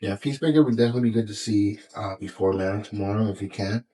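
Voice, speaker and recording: A husky, low-voiced man co-hosts a podcast in loose casual chat. He rambles and restarts often, with plenty of fillers and casual swearing. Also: very fast, dark tone, poor audio. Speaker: podcast co-host.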